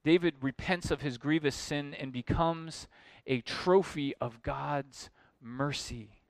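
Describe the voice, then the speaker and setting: A male preacher with a smooth, resonant voice pitched a little high, recorded close and dry. He works through his text with emphatic, building delivery. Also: takes it slowly, no echo. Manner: emphatic, rising to forceful exclamations. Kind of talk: expository sermon.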